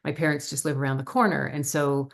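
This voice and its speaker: A middle-aged woman talks as an interview guest in a deep, low voice. Her tone has a gravelly, fried texture. She tells stories in a chatty, animated way. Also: fast. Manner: chatty, animated storyteller with laughs. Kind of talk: casual interview chat.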